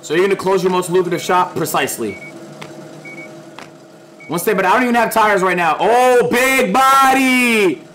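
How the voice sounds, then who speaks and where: A young man streaming a game, loud, profane and excitable, talking to his chat. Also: high voice, brisk, pauses often, a little hiss or hum. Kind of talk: gaming livestream commentary.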